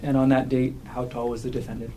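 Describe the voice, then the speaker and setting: A man questioning a witness in a courtroom, asking measured, formal questions. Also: mid-range voice, little pitch movement, mellow, slight background noise. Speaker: prosecutor.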